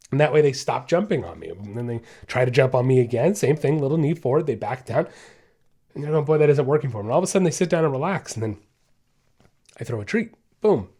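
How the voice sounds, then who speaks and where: A man hosting a podcast, casually explaining dog training in a chatty, animated way and often checking in with the listener. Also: medium pitch. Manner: animated, chatty, says "guys" and "okay?" often; acts out dog thoughts in quick voices. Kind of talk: casual instructional podcast talk.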